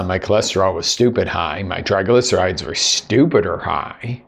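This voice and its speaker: A man's voice: lowish voice, creaky, slightly rough. A man working as a life coach, telling a personal story in a conversational, sarcastic way and acting out what other people said. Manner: conversational, lots of "you know". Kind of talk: motivational storytelling monologue.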